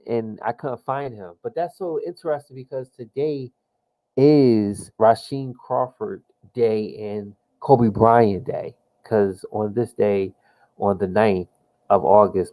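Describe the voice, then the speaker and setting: A man's voice: medium pitch, warm tone, poor audio. A man giving casual live commentary while playing a political simulation game, thinking aloud with lots of fillers and restarts, and dropping slang like "yo". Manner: slang-heavy, exclaims "yo" often. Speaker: gamer playing a political sim.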